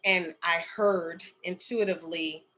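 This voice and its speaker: A woman's voice: on the low side, fairly even intonation, measured pace, bright, forceful tone. A middle-aged woman telling a personal story in a casual, chatty way, full of fillers and asides like "okay?" and "right?". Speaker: spiritual medium and healer sharing a story.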